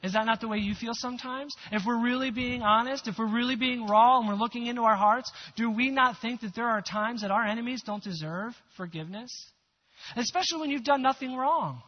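A man's voice: very high voice, fairly even intonation, fairly quick, few pauses. A male pastor preaching a sermon in a conversational, earnest way with many rhetorical questions. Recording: dull lo-fi recording.

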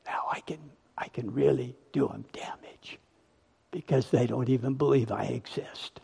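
A man voicing a sly, gloating male devil in a hushed, breathy whisper. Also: medium pitch, normal speed, voice pushed down, full character voice. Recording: long hall reverb.

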